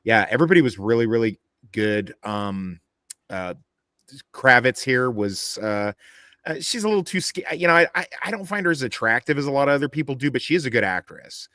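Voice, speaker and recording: A man chatting casually about a film he saw, rambling and animated with lots of fillers and restarts. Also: medium pitch, fairly quick, no echo, clean studio sound. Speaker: panelist. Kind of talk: casual film review chat.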